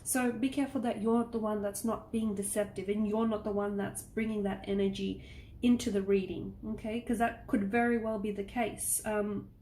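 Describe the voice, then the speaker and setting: Speaking at a moderate pace with a medium pitch, this woman has a flat, mellow delivery as she rambles through a relaxed tarot reading. She keeps reassuring the listener and often asks "okay?" The room echoes, and there's a faint hiss of noise.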